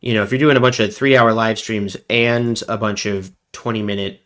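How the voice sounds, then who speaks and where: Male host, somewhat low voice, casual self-correcting livestream talk. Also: fairly even intonation, moderate pace, a bit bright. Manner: rambling, self-correcting, wry asides.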